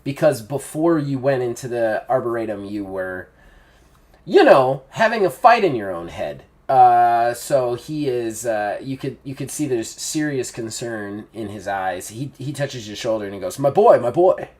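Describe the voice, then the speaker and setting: Game master, man, lively up-and-down delivery, chatty, laughs often. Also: mid-range voice, measured pace. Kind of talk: narrating a tabletop game.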